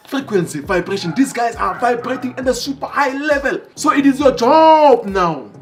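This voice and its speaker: A man from Africa, telling a motivational story in an animated way, acting out dialogue and repeating phrases for emphasis. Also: extremely high pitch, normal speed, hardly any pauses. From South Africa. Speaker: motivational speaker.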